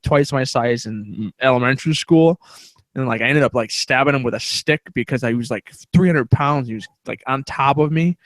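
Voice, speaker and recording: A man with a mid-pitched voice talks bluntly on a podcast, rambling through stories with lots of swearing and filler words. His delivery is loose and unpolished. The recording is dry and close. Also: fairly bright tone, dry recording. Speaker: podcast co-host. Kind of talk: casual storytelling chat.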